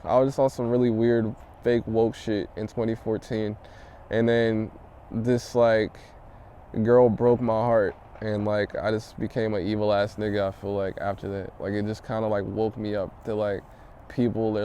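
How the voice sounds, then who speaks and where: Young dmv rap guy cussing a lot, mellow smooth voice, outside on the street. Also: on the low side. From DMV area, US. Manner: profane, animated storytelling. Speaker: rap artist interviewee. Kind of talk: casual interview answers.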